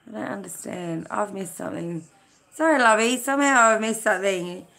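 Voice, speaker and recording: A woman from Australia chats on a live stream in a bright voice with a clear edge. She rambles easily, fills gaps with hesitations and greets her viewers one by one by name. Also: medium pitch, expressive, a little fast. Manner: chatty, greets viewers by name, many fillers. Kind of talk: casual live-stream chat.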